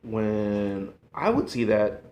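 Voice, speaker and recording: A middle-aged man from the United States, a food vlogger reminiscing in a halting, emotional way, sighing between thoughts. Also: on the low side, very animated, darkish tone. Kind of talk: casual reminiscing monologue. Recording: echoey room.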